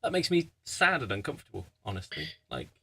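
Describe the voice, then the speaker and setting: A man chatting on a podcast, his voice gravelly, husky and bright-edged. He talks reflectively, halting and restarting as he works through his thoughts. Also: mid-range voice, wildly swooping pitch. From United Kingdom. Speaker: podcast co-host. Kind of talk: casual chat.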